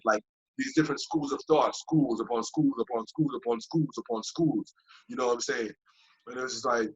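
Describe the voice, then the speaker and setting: The speaker is a man at medium pitch and moderate pace, a yoga teacher appearing as a podcast guest. Chatting loosely and reflectively, he repeats himself, often asks "you know what I mean," and voices his old thoughts as lively quotes. The podcast audio is dull and lo-fi.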